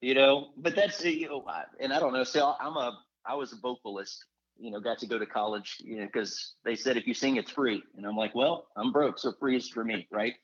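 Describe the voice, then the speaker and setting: A man co-hosting an interview, asking questions in a rambling, halting way. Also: medium pitch, steady tone, muffled recording. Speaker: co-host. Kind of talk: casual interview talk.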